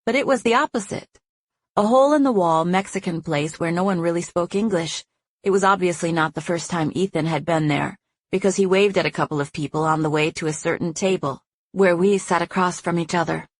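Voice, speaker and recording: A woman reading a first-person romance audiobook, narrating smoothly and giving the heroine's lines a lively, playful voice. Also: lowish voice, a little fast.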